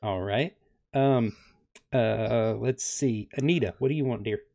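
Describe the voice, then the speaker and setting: A man's voice: medium pitch, a little slow, creaky, dark tone. Hesitant young male game master. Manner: hesitant, many ums and uhs. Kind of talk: narrating a tabletop game.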